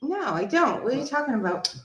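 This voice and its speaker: Female co-host, talkative, high-ish animated voice, echoey room. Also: quick pace. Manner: chatty, questioning, giggly. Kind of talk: casual chat.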